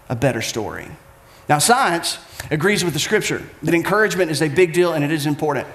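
A man preaching a sermon with passion, swinging between loud urging and quiet intensity. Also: on the high side, roomy sound. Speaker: pastor.

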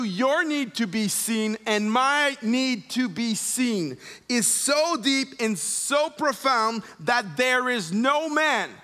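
A man preaches a sermon emphatically, repeating phrases for effect, then drops to a soft, low voice when he leads prayer.

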